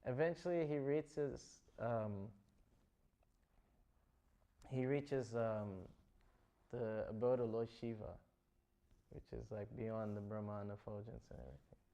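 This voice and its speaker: A man's voice: lowish voice, measured pace, creaky, pauses often, dark tone. A man giving a scripture class, retelling stories in a loose, chatty way full of "like" and "you know". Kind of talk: casual storytelling talk.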